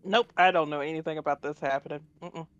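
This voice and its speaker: A woman's voice: sits low, fairly even intonation, fast. A woman playing in a tabletop game, giving short, anxious replies in character. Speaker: player. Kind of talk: tabletop role-play. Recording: dry dull mic.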